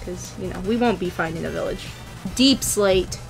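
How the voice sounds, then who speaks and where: A woman's voice: lowish voice, normal speed, creaky, faint music behind. A young woman giving casual, playful commentary while playing a video game, talking to herself with jokey taunts and sudden squeals. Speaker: gaming YouTuber.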